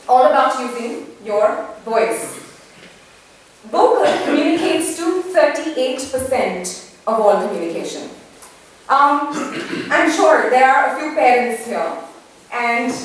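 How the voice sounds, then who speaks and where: Lively woman speaking in an echoey hall. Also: sits high, recorded from a distance. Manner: lively, acts out quoted examples. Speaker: panel speaker. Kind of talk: conference talk. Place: conference hall. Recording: echoey hall, mic from afar.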